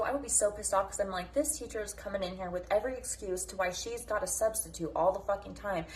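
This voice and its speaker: A fired-up woman on a freewheeling vlog rant, swearing freely and hopping from one topic to the next. Her voice sits at an ordinary middle pitch, and her delivery is blunt and combative. A faint noise runs underneath. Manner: passionate, profane, jumps between topics. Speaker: mom vlogger. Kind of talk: unscripted morning rant.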